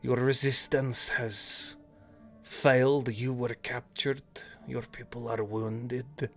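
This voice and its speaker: Man doing a slow probing serpent naga. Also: mid-range voice, flat delivery, a bit bright, soft background music. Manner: slow, measured, questioning. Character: curious cautious male naga leader.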